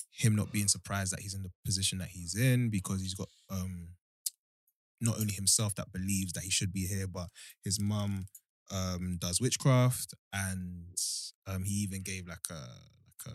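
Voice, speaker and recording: A man's voice: low-pitched, fairly even intonation, measured pace, dry recording, studio quality. A young man chatting casually on a podcast, rambling with lots of fillers. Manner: laid-back, rambling with many fillers. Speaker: podcast co-host. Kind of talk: casual chat.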